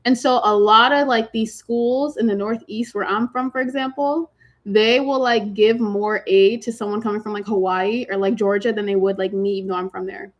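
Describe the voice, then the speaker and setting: A Massachusetts woman hosts a casual livestream, answering chat questions in slangy talk packed with "like" and playful teasing. Her medium-pitched voice stays steady at a normal speed, picked up by a computer mic on the video stream.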